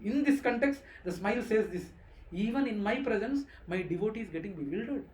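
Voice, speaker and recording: A scripture class teacher talks to a small group. The teacher explains patiently in a mid-pitched voice and keeps checking that listeners follow. The voice bounces around an echoey room. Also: expressive, a little fast, a little mellow, slight background noise.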